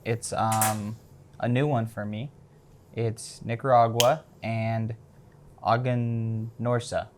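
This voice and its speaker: A man's voice: lowish voice, flat delivery, slow pace, noisy background. A man guesting on a podcast, eager and casual, talking with his friends from a couch indoors. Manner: eager, casual, says dude and bro a lot.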